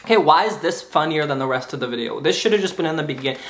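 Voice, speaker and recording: A man's voice: on the high side, lively intonation, fast, hardly any pauses, a bit bright. A man vlogging in a goofy, rambling way, breaking into sing-song bits and playful asides to the viewer. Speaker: YouTube vlogger. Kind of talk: rambling comedic vlog. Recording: roomy echo.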